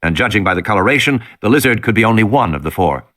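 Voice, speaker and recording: Male audiobook narrator, dramatic and animated, bright timbre. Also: lowish voice, fast talker, hardly any pauses.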